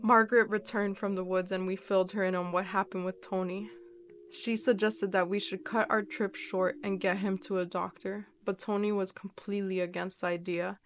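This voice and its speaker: A woman reading a horror story aloud in a steady, measured narration. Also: mid-range voice, a little hiss or hum.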